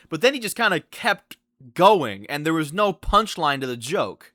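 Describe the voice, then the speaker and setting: Young male vlogger, animated and incredulous storyteller, fairly high voice, dry close sound. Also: moderate pace, no room sound. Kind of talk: storytime vlog.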